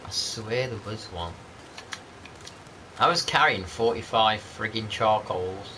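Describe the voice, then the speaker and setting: Rambling man with a forceful voice. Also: on the low side, takes it slowly, a little hiss or hum. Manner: rambling, chatty, greets viewers by name. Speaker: gaming channel host. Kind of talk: casual gameplay commentary.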